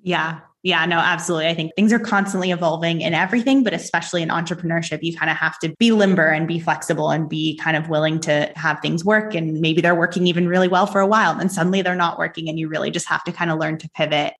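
Fast-talking low-voiced woman host. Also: fairly even intonation, fairly bright tone. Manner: agreeable, thoughtful, longish questions. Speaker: podcast host. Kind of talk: interview questions.

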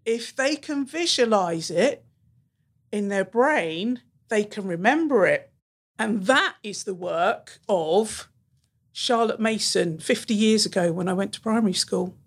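A woman, a teacher telling lively classroom stories as a podcast guest. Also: mid-range voice, a little slow, husky. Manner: animated storyteller who acts out the people she quotes. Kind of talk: storytelling in a podcast interview.

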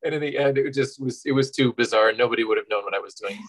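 Male actor guest, relaxed conversational storyteller, lots of ums and laughs. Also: mid-range voice, fast, low-quality recording. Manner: easygoing, laughs often, many fillers. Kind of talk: casual interview chat.

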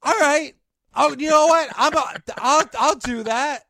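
A man hosting a wrestling podcast, talking in an excitable, animated, jokey way. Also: very high-pitched, unhurried, no room sound, clean studio sound. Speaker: podcast host. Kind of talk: casual chat.

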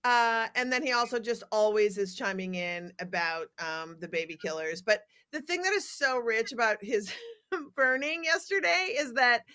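A woman's voice: on the high side, lively intonation, normal speed, bright, forceful tone. A middle-aged woman hosting a comedic talk show, telling stories in a wry, irreverent, profane way. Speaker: host. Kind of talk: casual comedic chat.

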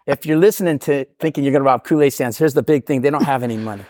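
A middle-aged man, a podcast guest in a podcast studio, shares his recovery story as a long, rambling, meandering tale told at a quick clip. He's chatty and self-deprecating, repeatedly tagging "right?" onto his sentences, in a mid-range, slightly mellow voice. The sound is dry and close, with no echo.

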